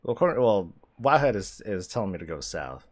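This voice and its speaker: A male streamer chatting casually while playing a game, animated, swearing freely and laughing often. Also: fairly low pitch, brisk. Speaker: streamer host. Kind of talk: casual gameplay commentary.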